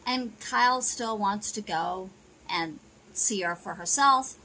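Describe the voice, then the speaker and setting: A woman with a medium-pitched, sharp voice and vocal fry narrates a soap opera recap at a slow pace, captured on a rough recording. She retells the episode loosely and chattily, full of "you know" and "she goes."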